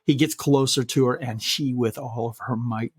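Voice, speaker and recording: A man hosting a podcast, telling a scary bedtime story in a measured way, slowing down for suspense. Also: medium pitch, fairly even intonation, breathy edge, dry recording. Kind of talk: spooky bedtime story narration.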